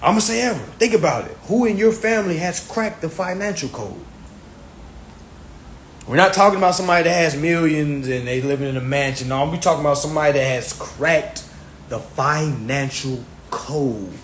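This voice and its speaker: A man's voice: a little high, normal speed. A man talking casually on a livestream, emphatic and profane, often repeating his phrases. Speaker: social media livestreamer. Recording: echoey room with faint background noise.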